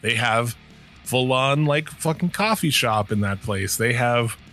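A man co-hosts a podcast in a mid-range, pushed and bright voice, talking unhurriedly over soft background music. The chat is loose and casual, full of swearing, and he rambles and trails off mid-thought.

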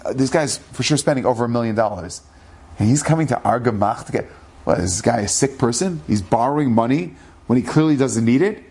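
A man, a rabbi, telling an inspirational story in a lively way that acts out the dialogue, with Hebrew and Yiddish words mixed in. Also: mid-range voice, slightly rough. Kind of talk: storytelling podcast.

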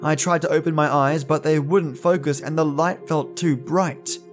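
A man narrating a first-person story for a podcast in a steady, deliberate reading voice. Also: a little high, soft background music.

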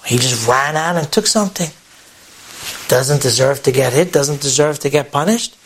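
A man's voice: on the high side, low-quality recording. Man casually telling a moral story. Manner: casual, conversational retelling with asides. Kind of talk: inspirational story told to an audience.

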